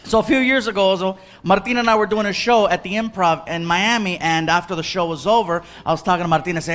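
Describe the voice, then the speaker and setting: Animated male stand-up comic, high voice. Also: quick pace, hardly any pauses. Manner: animated, acts out voices and yells punchlines. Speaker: stand-up comedian. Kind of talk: stand-up storytelling. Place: theater stage. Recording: live show with loud crowd and noise.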